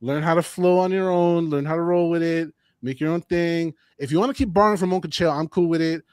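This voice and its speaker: A man's voice: fairly high pitch, a little fast, clear, resonant tone, no echo. Opinionated man on a dry podcast mic. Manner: animated, opinionated, repeats phrases. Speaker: podcast co-host. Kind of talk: casual combat sports chat.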